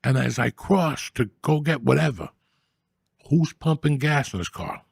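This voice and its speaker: A comedian guest telling a rambling, profane story in a streetwise, casual way. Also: male voice, medium pitch, expressive, a little slow, creaky, breathy edge, no room sound, clean studio sound. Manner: rambling, streetwise, swears often.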